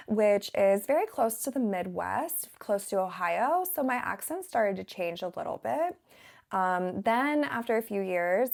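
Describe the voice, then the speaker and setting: Casting note: American woman, English teacher, relaxed chatty delivery with laughs, mid pitch, lots of vocal fry. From Southern United States. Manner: relaxed, rambling, laughs often. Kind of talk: casual chatty talk to camera.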